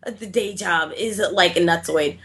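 A woman with a bright, clear voice co-hosts a podcast, chatting casually and with animation. She swears freely and uses plenty of fillers. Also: fairly low pitch, a little slow. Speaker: podcast co-host. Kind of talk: casual chat about games and films.

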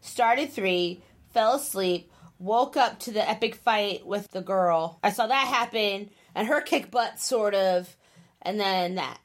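A woman's voice: mid-range voice, takes it slowly. A woman co-hosting a casual podcast, chatty and rambling, restarting her sentences. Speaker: podcast co-host.

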